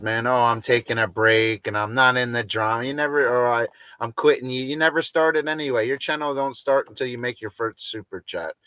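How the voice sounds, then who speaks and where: Brief: rambling livestream host, crude jokes, loose banter, dry close sound. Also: male voice, mid-range voice, fairly bright tone, no echo. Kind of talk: casual livestream rant.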